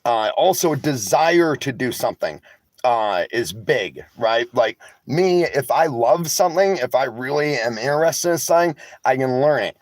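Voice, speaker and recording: A man's voice: medium pitch, expressive, normal speed, no echo. A tired, emotional man talks to his viewers in a candid, rambling way, sarcastic and swearing freely, from inside a vehicle. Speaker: vlogger. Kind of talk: casual talk to viewers, reading live chat.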